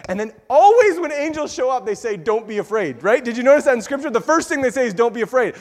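Playful high-voiced preacher in a big hall. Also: male voice, fast talker. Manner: playful, animated storytelling with laughs. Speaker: pastor. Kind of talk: sermon. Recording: long hall reverb.

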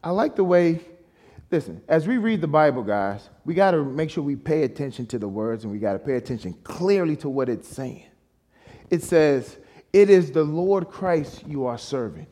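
A male guest preacher with a voice pitched high for a man. He preaches emphatically and fires rhetorical questions at the room. He keeps calling on the congregation to answer back. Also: very animated, normal speed, warm tone. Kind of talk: sermon.

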